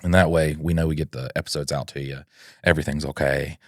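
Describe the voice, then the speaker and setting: Low-voiced crude comedy podcast host. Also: male voice, steady tone, fast, no room sound, clean studio sound. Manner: crude, joking, drops into silly accents.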